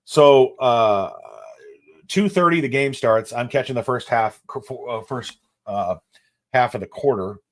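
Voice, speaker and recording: A man's voice: medium pitch, unhurried. A man from Nebraska who reviews food and co-hosts a podcast, telling a story in a rambling, casual way and stopping to correct himself.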